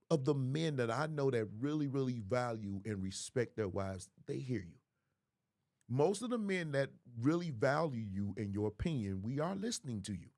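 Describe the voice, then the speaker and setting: A man, hosting a livestream commentary in an emphatic, preachy way, repeating phrases for effect. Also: medium pitch. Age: 40s. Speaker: host.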